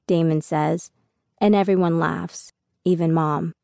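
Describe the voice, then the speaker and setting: A woman reads a first-person audiobook in an unhurried, reflective manner. Her voice sits somewhat low and mellow. The recording is close and dry. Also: steady tone, no room sound. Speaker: audiobook narrator.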